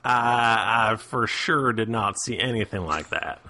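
A man's voice: on the low side, a little slow, bright, forceful tone, exaggerated voice. A man voicing a rustic villager in a put-on Southern US drawl, rambling in a roundabout, folksy way, in a tabletop role-play.

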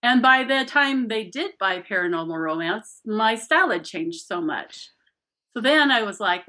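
A woman's voice: on the high side, normal speed. A middle-aged woman, an author being interviewed, chatting casually and acting out her own quotes with frequent laughs. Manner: animated storyteller, acts out quotes, laughs often. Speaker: author guest.

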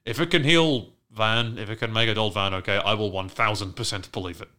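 A man with a low but bright, forceful voice chats through a TV recap on a podcast. He swears freely and jumps into the characters' voices as he retells each scene. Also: brisk. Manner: animated, profane, acts out characters' lines. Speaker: podcast host recapping a TV show. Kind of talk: casual recap chat.

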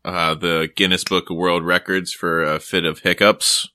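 Deep, bright-toned joking podcast man. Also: flat delivery, normal speed, no echo, clean studio sound. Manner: joking, rambling storyteller, swears casually. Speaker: podcast co-host. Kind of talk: casual chat.

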